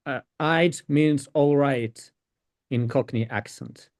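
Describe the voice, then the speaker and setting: A young man co-hosting an online call, chatting casually and joking in a slow, easygoing way. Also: mid-range voice, darkish tone. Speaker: event co-host. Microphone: video call.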